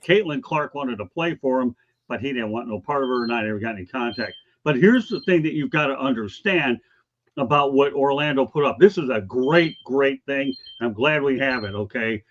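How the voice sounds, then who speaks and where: A man's voice: mid-range voice, animated, moderate pace, fairly bright tone, lo-fi sound. A man hosting a sports talk show, casual and emphatic, pushing his opinions hard. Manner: emphatic, opinionated, keeps saying okay.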